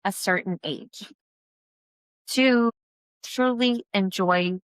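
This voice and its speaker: A woman co-hosting a podcast in casual chat, reflective and quick with short agreeing replies. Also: medium pitch, a bit bright, clear, resonant tone, no room sound. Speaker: podcast co-host.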